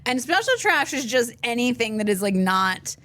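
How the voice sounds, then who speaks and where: A woman co-hosting a podcast, telling an animated story in casual chat and laughing often, recorded on a studio microphone. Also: a little high, normal speed. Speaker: podcast co-host.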